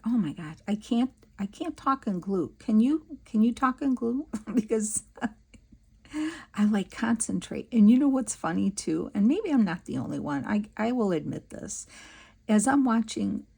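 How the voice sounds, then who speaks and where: A woman's voice: a little high, animated, measured pace, gravelly, darkish tone, breathy edge. A woman hosting a crafting video, chatting casually and giggling as she works, with many fillers. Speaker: crafting channel host. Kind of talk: casual craft tutorial chat.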